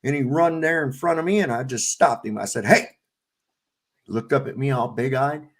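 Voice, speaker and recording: A man's voice: medium pitch, fairly quick. A middle-aged man co-hosting a casual podcast, telling stories in a blunt, profane, ranting way. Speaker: podcast co-host. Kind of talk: casual profane storytelling chat.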